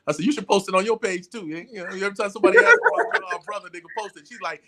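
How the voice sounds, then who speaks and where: A middle-aged man, a podcast guest, telling profane stories in an animated way and acting out the voices of the people in them. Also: high voice, very fast, crowd noise. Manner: excitable and profane, acts out voices in his stories. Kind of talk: animated storytelling in casual chat.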